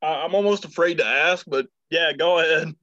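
Easygoing man, slightly high. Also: normal speed, bright, forceful tone, dry recording. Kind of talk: casual chat. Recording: dull dry audio.

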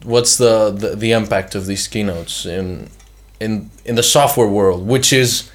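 A man's voice: on the low side, a little slow. A young man co-hosting a podcast, talking casually and hedging his points with "I mean" and "you know". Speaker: podcast co-host. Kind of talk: casual chat.

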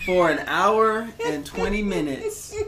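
Brief: mid-pitched podcast co-host, wry and teasing, audible noise and clicks. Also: animated, slow, raised voice. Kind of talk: casual chat. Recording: clear background noise with clicks.

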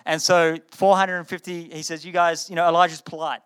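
A man preaching a sermon to a live audience, retelling a story in a conversational, animated way and often repeating his words. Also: fairly high pitch, brisk, smooth.

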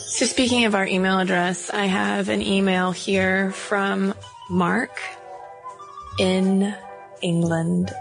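A woman co-hosting a podcast in casual chat, animated and jokey, with quick asides. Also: medium pitch, creaky, music in the background. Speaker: podcast co-host.

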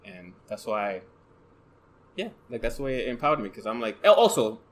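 A man with a soft voice, speaking as a podcast guest in casual conversation, hesitant and full of fillers and restarts. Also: on the low side, very animated, normal speed. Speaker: guest, photographer and content creator.

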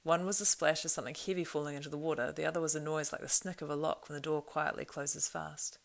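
A woman narrating a storybook in a measured, expressive reading. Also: sits low, vocal fry. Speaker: audiobook narrator.

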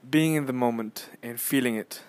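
A young man hosting a casual solo podcast on his phone, rambling and excitable as he tells a story with lots of fillers and restarts. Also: medium pitch, normal speed, clear, resonant tone. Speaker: podcast host.

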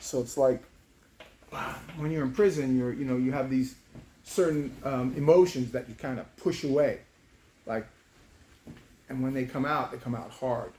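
A man's voice: medium pitch, moderate pace, long pauses, warm tone. A man in his fifties, a former prisoner, telling a personal story in a casual, emotional way, with many halts and restarts. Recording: roomy room with faint background noise.

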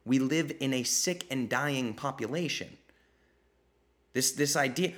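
A man with a bright, forward voice hosts a live question-and-answer session. He talks bluntly and gets fired up, throwing in swear words for emphasis. He mimics the people he talks about in quoted voices. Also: mid-range voice, a little slow, long pauses. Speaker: podcast host answering listener questions. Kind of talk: live Q&A chat.

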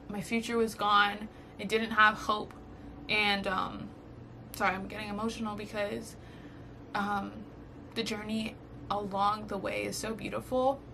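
Bright-toned young woman sharing earnest advice. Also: mid-range voice, a little hiss or hum. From Southern California. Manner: earnest, emotional, rambling with fillers. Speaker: podcast host. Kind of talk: casual faith-based advice talk.

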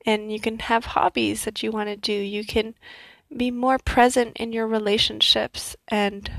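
A woman's voice: on the high side, level tone, measured pace, gravelly, fairly bright tone, dry recording. A young woman telling a personal story in a candid, reflective way, acting out her own past thoughts. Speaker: vlogger.

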